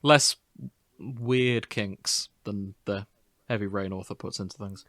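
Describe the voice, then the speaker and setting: A man's voice: on the low side, fairly even intonation, slow pace, a bit bright, no echo. A man co-hosting a podcast, chatting casually with dry jokes and reading facts aloud. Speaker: podcast co-host. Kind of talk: casual chat.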